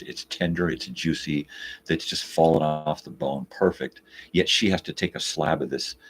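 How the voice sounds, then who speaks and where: A man's voice: extremely low pitch, slightly rough. A man hosting a live morning show, telling a story casually, swearing and exasperated, acting out both sides of what was said. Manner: animated, acts out both sides of the quoted talk.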